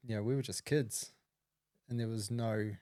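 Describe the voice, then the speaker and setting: A man, a podcast host asking gentle, supportive follow-up questions. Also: on the low side, steady tone, normal speed, dry recording, studio quality. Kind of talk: casual interview chat.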